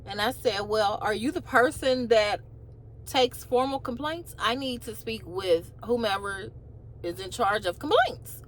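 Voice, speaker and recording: Woman telling a story, chatty and animated. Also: on the high side, a little hiss or hum. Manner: animated retelling with rising, incredulous asides. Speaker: vlogger. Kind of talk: casual storytelling. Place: in a car.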